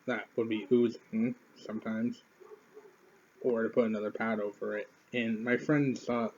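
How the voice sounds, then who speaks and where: A man's voice: fairly low pitch, little pitch movement, normal speed, darkish tone, lo-fi sound. A man in his twenties, a YouTuber, telling a rambling, profane story to the camera in an offhand way.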